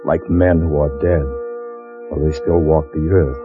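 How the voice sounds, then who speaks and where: An uneasy time traveler who asks wary questions and narrates in a somber tone. His voice is very deep. It comes through a thin, tinny old radio broadcast, with loud music playing behind it. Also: level tone, moderate pace. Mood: somber narration. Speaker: narrator and character in a radio play. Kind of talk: 1950s radio drama acting and narration.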